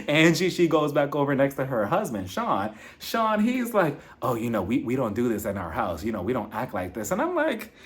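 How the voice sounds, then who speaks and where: A man giving a casual, animated recap of a reality TV episode, acting out quotes and laughing often. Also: mid-range voice, moderate pace.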